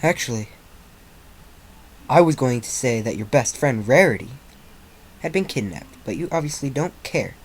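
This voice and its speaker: A man voicing a young male dragon, breathless and halting, then cold and flat. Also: mid-range voice, breathy edge. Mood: cold, hurt. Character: young male baby dragon, lovesick and hurt.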